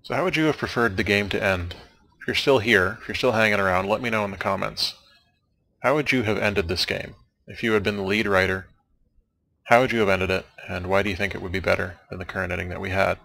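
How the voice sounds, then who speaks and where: Young male let's-player, low gravelly voice with a bright, forward edge, dry, wry rambling commentary. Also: fast talker, a little hiss or hum. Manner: wry, dry jokes, meandering asides. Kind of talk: casual rambling commentary over game credits.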